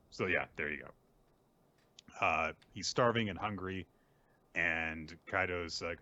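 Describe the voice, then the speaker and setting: A deep-voiced man hosts a casual manga recap, bright and forceful in tone. His recording is dry and a little muffled. He acts out snippets of the characters' dialogue as he retells each scene. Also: measured pace, long pauses, no room sound. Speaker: podcast host.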